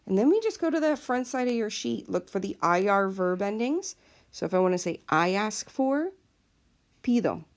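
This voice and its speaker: A woman's voice: medium pitch, lively intonation, normal speed. A woman teacher explaining a lesson patiently, step by step, in a recorded classroom video. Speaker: Spanish teacher.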